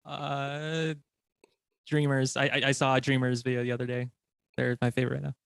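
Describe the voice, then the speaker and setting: A man's voice: medium pitch, little pitch movement, moderate pace, gravelly, smooth, no echo, studio quality. A man from the US, a guest on a video-call interview, giving short, hesitant answers with lots of fillers. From USA.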